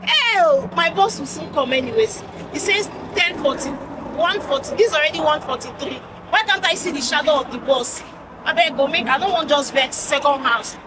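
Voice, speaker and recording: A woman's voice: high-pitched, animated, moderate pace. A young Nigerian woman vlogging outdoors by a road, ranting in a rambling, exasperated way and slipping into Pidgin, on a phone held at arm's length. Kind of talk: candid vlog rant. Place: outdoors at a bus stop by a road. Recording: loud street traffic behind.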